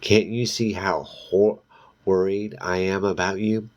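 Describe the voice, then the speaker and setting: A man reading aloud, voicing a flustered, worried teenage boy who urges his girlfriend to calm down. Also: sits low, a little slow, lo-fi sound. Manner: anxious, urging.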